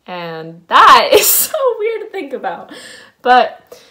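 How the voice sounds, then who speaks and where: A woman's voice: a little high, wildly swooping pitch, slow pace, pushed and bright. Bubbly young woman sending birthday wishes. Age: young adult. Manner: bubbly, reflective, laughing between thoughts. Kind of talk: casual video message.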